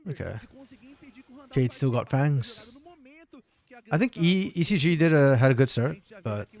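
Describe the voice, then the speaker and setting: A man's voice: medium pitch, animated, a little slow, a little mellow. A man co-streaming an esports match, talking in a chatty, laid-back way and answering chat. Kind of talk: casual live-stream commentary.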